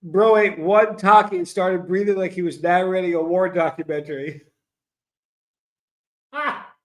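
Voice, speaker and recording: A man with a high, light voice chats through a live stream, reading viewer comments aloud. He breaks into laughter again and again and sounds delighted by the jokes. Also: fairly even intonation, measured pace. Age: 50s. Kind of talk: casual live-stream chat.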